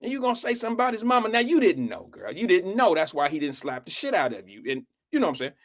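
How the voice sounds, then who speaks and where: A man hosting a live show, spinning an animated, profane story straight to his listeners. His voice sits a little higher than most men's. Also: rapid-fire. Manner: animated, swearing storyteller who speaks to the audience directly. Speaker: show host.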